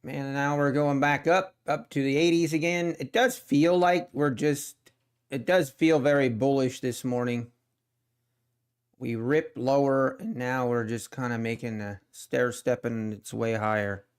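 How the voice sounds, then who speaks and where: Male livestream host, medium pitch, laid-back running commentary that trails off and restarts. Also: unhurried, clean tone. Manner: relaxed, thinks aloud, trails off and restarts. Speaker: day trading livestream host. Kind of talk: casual live market commentary.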